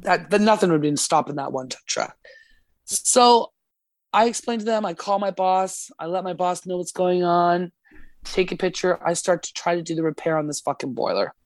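A fairly low-pitched female voice at normal speed tells a story as a guest on a casual podcast, full of swearing and acted-out dialogue. The recording from the podcast studio is dry.

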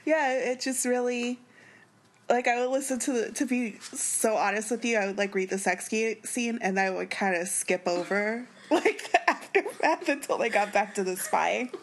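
A woman's voice: on the high side, normal speed, husky. A woman co-hosting a podcast, chatting casually about a book, laughing often and agreeing with short replies. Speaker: podcast co-host.

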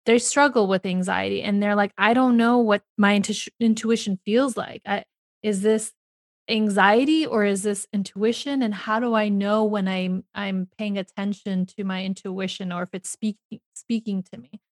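A woman's voice: mid-range voice, steady tone, normal speed, dry recording, studio quality. A woman who hosts a podcast and works as a therapist, asking questions casually with many fillers and restarts. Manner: hesitant, filler-heavy questions.

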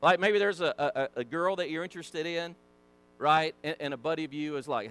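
A man with a Southern American accent teaching a Sunday school lesson, folksy and animated, acting out the people in the story. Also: on the high side, fairly quick, clean tone. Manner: animated, acts out voices, folksy asides. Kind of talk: casual Bible teaching.

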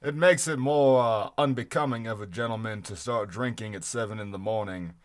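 A man's voice: fairly low pitch, brisk. Wry young man, podcast co-host. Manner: wry, joking, laughs often. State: tired, early morning. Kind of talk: casual podcast chat.

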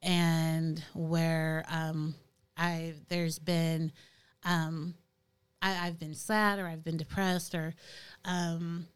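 Mom chatting on a podcast, lowish smooth voice, lots of ums and restarts. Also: female voice, little pitch movement, extremely slow. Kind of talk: casual chat.

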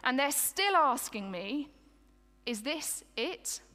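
Woman preacher doing Moses as an exhausted, pleading leader; bright tone, reverberant room. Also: high-pitched, sing-song, slow pace, exaggerated voice. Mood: weary. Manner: first-person storytelling, exasperated and pleading. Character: Moses, weary exasperated male leader of a grumbling people.

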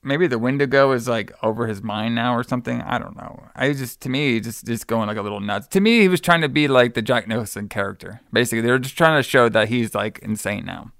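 A man casually recapping a horror movie on a podcast, rambling and swearing, with quick acted-out quotes. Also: mid-range voice, fairly bright tone, dry recording, clean studio sound. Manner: rambling, profane, acts out characters in quick quotes. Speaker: podcast co-host.

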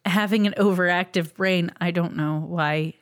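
A woman's voice: lowish voice, fairly even intonation, moderate pace, no room sound, clean studio sound. A woman co-hosting a podcast in casual chat, wry and matter-of-fact. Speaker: podcast co-host.

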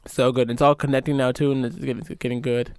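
A man's voice: medium pitch, level tone, quick pace, darkish tone, clean tone, dry recording. A man on a casual podcast, gushing with enthusiasm and swearing casually. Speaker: podcast co-host.

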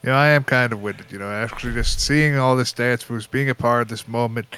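A man's voice: medium pitch, steady tone, fairly quick, pushed and bright, clear, resonant tone. A man co-hosting a casual wrestling podcast, talking in an earnest, hype-man way. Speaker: podcast co-host.

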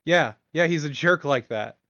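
A man's voice: a little high, moderate pace, bright, forceful tone. A man voicing a flippant, sarcastic adventurer in a tabletop role-play game, swearing offhandedly. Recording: dull, dry lo-fi mic.

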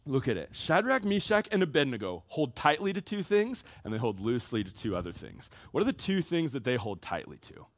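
Animated casual youth pastor, a man. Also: mid-range voice, fairly quick, hardly any pauses, dry recording. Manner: casual, conversational, many "like" and "right?" asides. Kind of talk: sermon to high schoolers.

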